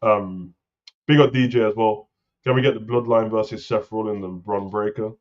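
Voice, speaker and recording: A man co-hosting a wrestling talk show, rambling and animated in casual slang. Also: lowish voice, normal speed. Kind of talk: casual chat. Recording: slightly dull lo-fi sound.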